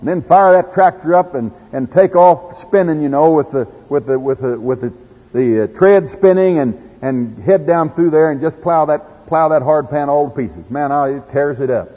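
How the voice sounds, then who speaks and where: A man's voice: on the high side, normal speed, dark tone. A man with an Oklahoma accent preaching a sermon in a folksy way, telling farm stories and reading scripture. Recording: echoey hall, dull lo-fi sound.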